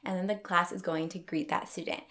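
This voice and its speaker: A young adult woman, an elementary school teacher, explaining classroom routines step by step in a clear, upbeat instructional tone. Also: on the low side, fairly even intonation, brisk, fairly bright tone.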